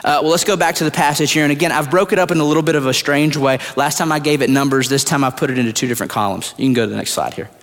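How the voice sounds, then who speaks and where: A man preaching a sermon as pastor, swinging from loud high retellings to hushed low asides. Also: rapid-fire, hardly any pauses. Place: large church hall. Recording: long hall reverb, at times far from the mic.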